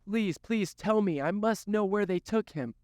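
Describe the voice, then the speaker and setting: A man's voice: high-pitched, a little slow, darkish tone, dry recording, studio quality, voice pushed up. A man preaching voices a grieving woman who begs a stranger, speaking urgently and pleading in a raised voice.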